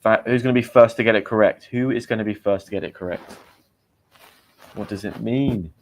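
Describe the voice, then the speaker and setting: A man's voice: lowish voice, brisk, a little hiss or hum. A man with a British accent hosting a live vocabulary lesson, quizzing viewers and reading out their comments in a chatty way. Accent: British English. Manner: chatty, asks viewers quiz questions and reads out their comments. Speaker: English teacher and livestream host.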